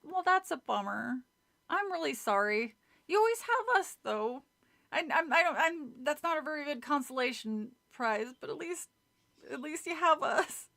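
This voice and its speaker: Woman streamer, casual read-along, high lively voice, jokey and crude asides. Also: normal speed, gravelly. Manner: chatty, joking, swears, laughs at the story. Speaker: streamer reading a book aloud. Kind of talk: casual live-stream reading and chat.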